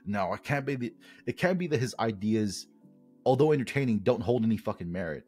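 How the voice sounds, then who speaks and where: A man's voice: mid-range voice, expressive, brisk, a little mellow, husky, soft background music. A man co-hosting a podcast in casual chat, ranting heatedly with lots of swearing. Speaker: podcast co-host.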